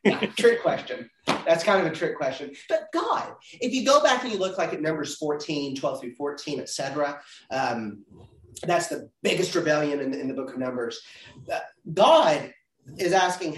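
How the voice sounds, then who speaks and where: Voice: medium pitch, very animated, unhurried, fairly bright tone. A Bible study leader teaching a group, earnest, posing questions and building to emphatic peaks. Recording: roomy sound from a distance.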